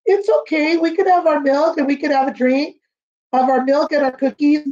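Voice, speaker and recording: A woman voicing a friendly, cool male cat who gently coaxes and comforts his best friend. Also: high voice, fairly even intonation, moderate pace, dull audio, natural voice. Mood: consoling.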